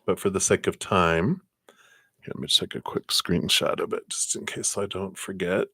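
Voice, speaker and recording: A man's voice: sits low, steady tone, normal speed, bright, forceful tone, breathy edge, no room sound, clean studio sound. A man doing live-stream card readings, talking in a rambling, reassuring way with lots of "you know". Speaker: card reader.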